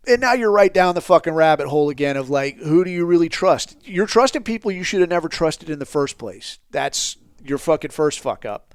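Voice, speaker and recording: Middle-aged male podcast host, crude swearing storyteller, smooth voice, dry close sound. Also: fairly high pitch, a little fast, few pauses, no room sound. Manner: crude, profanity-heavy, animated when quoting others. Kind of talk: profane storytelling monologue.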